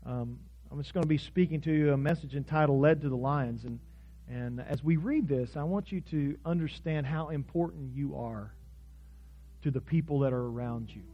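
A pastor from Oklahoma preaches a sermon to his congregation. He mixes scripture, prayer and personal stories in an earnest, heartfelt delivery. His voice sits high for a man, and the recording sounds dull and lo-fi.

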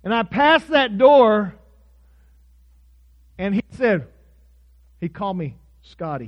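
A pastor from Oklahoma preaches a sermon to his congregation. He mixes scripture, prayer and personal stories in an earnest, heartfelt delivery. His voice sits high for a man, and the recording sounds dull and lo-fi. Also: very animated, slow pace, pauses often.

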